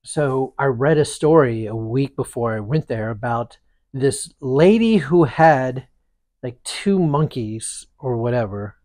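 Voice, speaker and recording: Male co-host, casual chatty storyteller, average pitch, dry booth sound. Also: slow pace, no echo. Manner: animated, rambling, restarts often. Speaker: podcast co-host.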